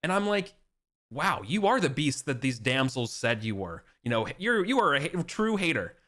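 A man's voice: on the high side, big pitch swings, moderate pace, a bit bright. A man doing a chipper boastful knight Gawain. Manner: cheery, rambling storyteller. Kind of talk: tabletop game role-play.

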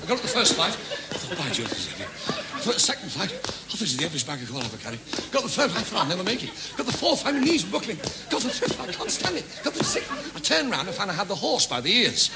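A Liverpool comedian doing stand-up, firing off one gag after another in a high, lively voice. The recording is noisy. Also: male voice, a loud crowd. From England. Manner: quick gag delivery with sudden shouted character voices. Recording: noisy stage recording with laughter.

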